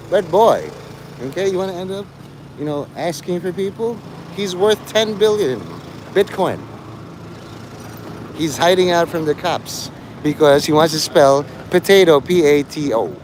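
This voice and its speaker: A man's voice: a little high, darkish tone, a little hiss or hum. Mocking, sing-song male streamer. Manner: mocking, sarcastic, profane. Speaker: live streamer. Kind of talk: rambling livestream banter.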